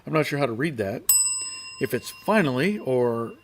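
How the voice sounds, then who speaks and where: A man's voice: mid-range voice, moderate pace, background noise. A middle-aged man hosting a casual live stream from his garage, reading viewer comments aloud and greeting each one by name. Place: home garage.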